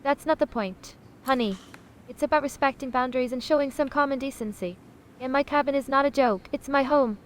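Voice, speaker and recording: A woman's voice: high-pitched, a little fast, a little hiss or hum, natural voice. A woman voicing a haughty AI sausage. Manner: haughty, dramatic, condescending, says honey a lot. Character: sassy self-important female AI chatbot sausage.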